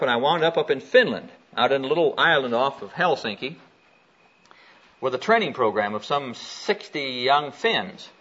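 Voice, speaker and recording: Animated preacher man, lo-fi recording. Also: mid-range voice. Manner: animated storytelling with scripture reading. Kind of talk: sermon. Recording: dull lo-fi recording.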